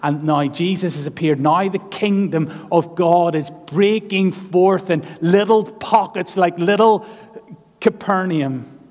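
A male pastor preaches in a slow, unhurried cadence, his voice sitting a little high. He speaks earnestly and with emphasis, repeating phrases for weight. The sound carries a long reverb, as in a church sanctuary. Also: darkish tone. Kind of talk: sermon.

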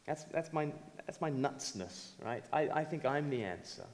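A man preaching a sermon in an animated, emphatic way, acting out quotes. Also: mid-range voice, moderate pace. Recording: long hall reverb.

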